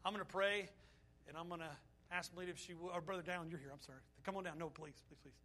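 A middle-aged male pastor with a high, bright voice preaches a fervent sermon. His delivery is full of feeling and eases into a quieter, softer tone when he prays. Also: fairly even intonation, racing. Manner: fervent preaching, then soft prayer.

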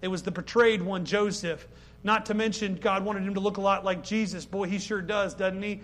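A middle-aged man preaching a sermon, talking to the congregation with many rhetorical questions and sudden loud, pleading outbursts. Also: high voice, fairly even intonation, normal speed.

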